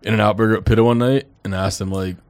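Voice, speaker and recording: A man's voice: fairly low pitch, fairly even intonation, fast, dry recording. A man co-hosting a casual podcast, wry and dropping in short jokes. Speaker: podcast co-host. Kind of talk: casual chat.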